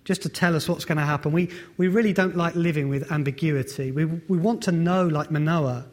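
A man's voice: on the high side, brisk, hardly any pauses. A man preaching a sermon, conversational in tone and asking the congregation rhetorical questions.

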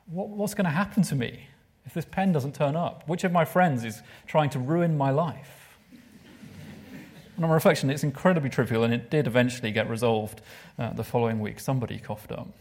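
Male preacher, mid-pitched, expressive delivery that drops to a hush for emphasis, asks the congregation questions. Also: a little fast. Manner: asks the listeners rhetorical questions. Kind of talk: sermon.

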